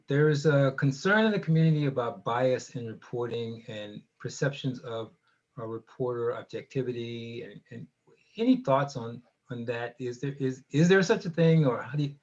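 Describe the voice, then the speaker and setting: A man's voice: medium pitch, normal speed, a little mellow. Guy moderating over zoom, muffled sound, stumbles a bit.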